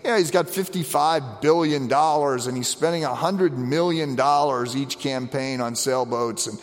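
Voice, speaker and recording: A man preaching a conversational sermon, animated, with frequent restarts and asides. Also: medium pitch, normal speed, long reverb tail. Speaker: pastor. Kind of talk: sermon on the stations of the cross.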